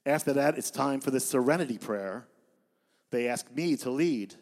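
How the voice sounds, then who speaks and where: A man in his fifties giving a live poetry reading in a bar, with deadpan, self-mocking storytelling. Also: mid-range voice, moderate pace. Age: 50s. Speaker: poet.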